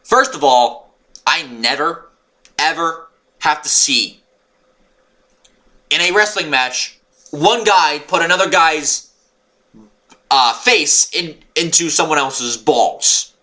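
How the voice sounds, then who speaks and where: A man rambling through a wrestling show review, excitable and swearing, sometimes yelling when annoyed. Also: a little high, slow pace, pauses often. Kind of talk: unscripted recap monologue.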